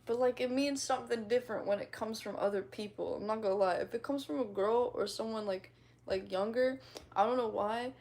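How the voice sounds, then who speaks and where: Chatty young Midwestern woman with vocal fry. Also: a little high, a little fast, darkish tone. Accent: slight Midwestern twang. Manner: rambling, giggly, casually swearing. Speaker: livestreamer. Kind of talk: casual chat reading viewer comments.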